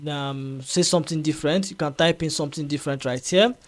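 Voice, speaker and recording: A man explains software in a casual screen-recorded tutorial, his voice sitting a little higher than most men's. He talks in a loose, repetitive way, filling gaps with "um" and checking in with "right?". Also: fairly quick. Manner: chatty, repeats himself, frequent fillers and "right?" checks. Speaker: tutorial host.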